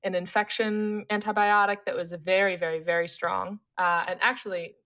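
A young woman in casual chat, telling a personal story with lots of laughter and animated asides. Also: medium pitch, moderate pace.

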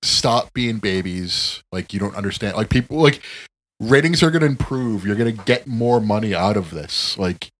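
A man co-hosting a podcast in casual chat, rambling and profane, ranting with animated emphasis. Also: fairly low pitch, normal speed. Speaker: podcast co-host.

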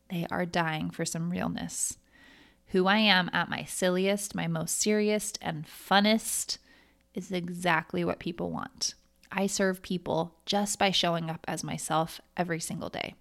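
A woman hosting a podcast, giving chatty, encouraging motivational coaching with lots of "like". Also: lowish voice. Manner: upbeat, encouraging, chatty with frequent "like". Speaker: podcast host.

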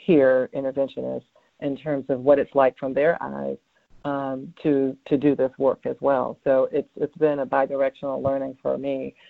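A man's voice: medium pitch, monotone, moderate pace, gravelly, dry recording. A man who is a cancer researcher, answering interview questions in an earnest, heartfelt way with many fillers and restarts. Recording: tinny phone-line sound, dry.

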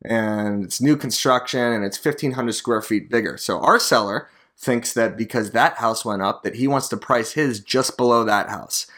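A man's voice: mid-range voice, a bit bright. A man from Arizona hosting a podcast alone, talking in a rambling, profane and sardonic way. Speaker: podcast host, real estate agent. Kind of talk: casual solo podcast monologue.

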